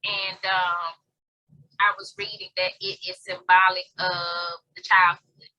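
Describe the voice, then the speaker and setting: A woman's voice: on the low side, flat delivery, slow pace, bright, forceful tone, lo-fi sound. A woman co-hosting a tarot review, chatting casually at home, laughing often and swearing offhand. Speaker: tarot reader co-host. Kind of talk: casual chat. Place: home near an airport.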